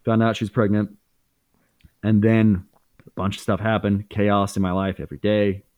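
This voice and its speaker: Low-voiced man telling a rough story. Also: level tone, normal speed, a little mellow, no room sound. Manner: casual, swears freely, many fillers and restarts. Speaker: guest. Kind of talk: candid storytelling in a podcast conversation.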